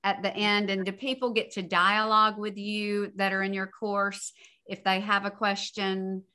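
A woman hosts a podcast interview. Her voice is bright and forward. She asks curious questions and encourages her guest. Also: mid-range voice, level tone, normal speed, clean tone. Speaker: podcast host. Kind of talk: casual interview chat.

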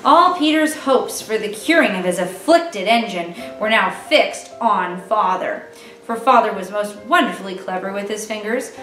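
A woman reading a classic children's novel aloud in an expressive, animated way. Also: medium pitch, normal speed. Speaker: children's ministry reader. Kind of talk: storybook read-aloud for children. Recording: roomy, distant mic with faint music.

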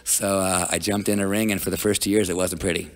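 A man talking as a podcast guest, telling stories in an energetic, rambling way with many restarts. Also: sits low, fast, in a large hall. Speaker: guest wrestling coach. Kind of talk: casual storytelling.

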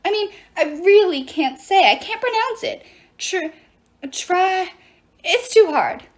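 Whiny dwarf thief, stammering, high-pitched, woman reader voicing, storybook. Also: lively intonation, slow pace, exaggerated voice. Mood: nervous. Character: whiny nervous male twin dwarf thief.

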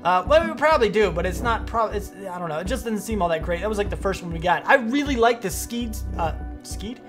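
A streamer gives let's-play commentary on a strategy game at a middling pitch. They get excitable, rattling off the same command again and again. Faint music plays underneath. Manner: excitable, repeats commands rapidly. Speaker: gaming streamer.

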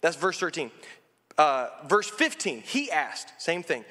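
A man's voice: fairly high pitch, big pitch swings, measured pace, pushed and bright. A male pastor preaching a sermon, pleading and building with passion. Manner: impassioned, rising to a plea. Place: church sanctuary. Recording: church hall with long reverb.

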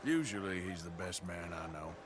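A rugged outlaw in a video game, in an unhurried, laconic drawl. His pitch moves widely from line to line. A steady noise runs under the game audio. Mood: calm. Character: rugged male outlaw gunslinger.

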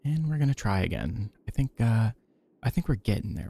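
A man streaming a game, giving soft-spoken ASMR commentary with gentle self-talk and the odd casual swear. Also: on the low side, sing-song, a little fast, vocal fry, breathy edge.

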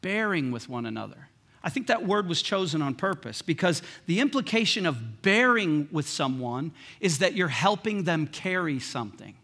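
A man delivers a church sermon as pastor, his voice sitting high for a man and ringing with a bright edge. He talks in a loose, joking, conversational way, dropping to hushed lines and then pressing points with force. The delivery feels like a preacher speaking to his congregation from the front. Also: very animated, normal speed, few pauses, slightly rough. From United States. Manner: conversational and humorous, swinging between hushed and emphatic. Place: church sanctuary.

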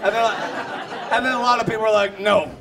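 A young man doing a stand-up comedy set, telling self-mocking stories and shouting out punchlines. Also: very high-pitched, level tone, quick pace. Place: comedy club with a live audience. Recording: live club recording with crowd. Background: audience laughter.

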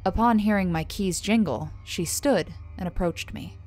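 A woman narrating a first-person horror story in a measured, scripted delivery, letting her voice fall softly on the tags. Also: lowish voice. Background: soft music.

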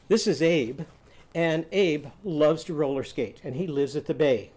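A man teaching a phonics lesson, telling short stories and quizzing the class with loud, drawn-out vowel sounds. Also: a little high. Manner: animated, loud drawn-out vowel shouts and quiz prompts.

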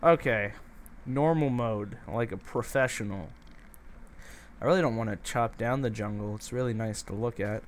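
A man's voice: lowish voice, normal speed, a little hiss or hum. A man giving casual, playful let's-play commentary, chatting to the animals and villagers as he goes. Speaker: gameplay commentator.

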